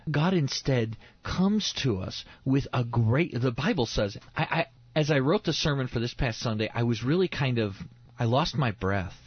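A male pastor speaks earnestly and with emphasis, circling back to the same phrases to drive them home. His voice is husky, and the recording is dry and dull, like lo-fi broadcast audio. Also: medium pitch, expressive, moderate pace, dry recording. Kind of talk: preaching in a radio interview.

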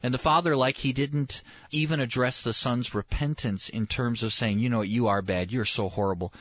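Male pastor, mid-range voice, lively sermon delivery, dry and slightly dull recording. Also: medium pitch, normal speed, no room sound. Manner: animated, acts out the figures' quoted lines.

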